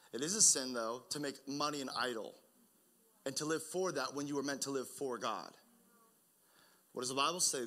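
Bright-voiced young male pastor preaching. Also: on the high side. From Oregon, United States. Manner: conversational, builds to loud urgent emphasis. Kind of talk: sermon with personal stories.

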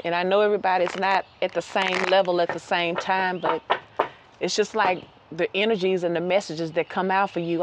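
A woman giving a casual outdoor tarot reading, lively and chatty, laughing often and repeating phrases for emphasis. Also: lowish voice, slight background noise. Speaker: tarot reader.

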